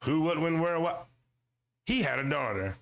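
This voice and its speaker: A man with a slightly high, gravelly voice hosts a streamed commentary show. He reads a web page aloud at a slow, deliberate pace and breaks off into fast, animated remarks aimed at his audience. He often repeats a line to drive it home. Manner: animated, swings between slow read-aloud and quick asides; talks back to his audience, repeats lines for emphasis. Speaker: show host.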